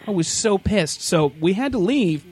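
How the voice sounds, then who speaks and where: A man's voice: high voice, normal speed, breathy edge. A man casually ranting and telling stories on a podcast, full of swearing. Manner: animated, swearing storyteller. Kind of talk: casual profane rant.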